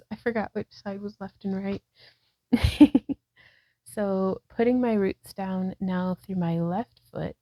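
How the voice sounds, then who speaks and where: A mellow, medium-pitched woman guides a yoga practice indoors at home by a wall, with some self-talk. She's out of breath at times, laughs at herself, and chats in a relaxed way between cues. There's no room sound, and the recording quality is low.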